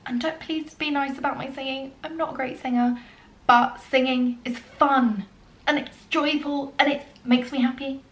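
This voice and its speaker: A woman's voice: high voice, steady tone, moderate pace. Young female vlogger, casual and earnest, filler-heavy, echoey room sound. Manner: chatty, earnest, frequent ums, turns soft and emotional. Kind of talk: casual get-to-know-me Q&A.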